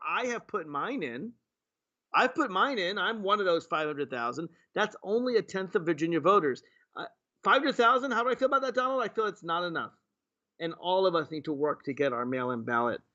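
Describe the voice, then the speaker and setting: A man's voice: high-pitched, bright, forceful tone, highs cut off. A man hosting a political talk show, delivering a sarcastic, indignant commentary full of rhetorical questions.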